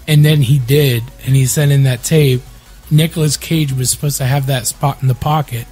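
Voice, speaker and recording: A man co-hosting a casual podcast chat, telling stories in a profane, animated way with mocking impressions of others. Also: mid-range voice, normal speed, faint music behind. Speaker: podcast co-host.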